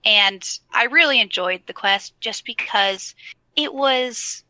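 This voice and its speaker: A woman's voice: a little high, slow, sharp tone, no room sound, low-quality recording. A woman co-hosting a casual gaming chat, recapping a quest with enthusiastic storytelling.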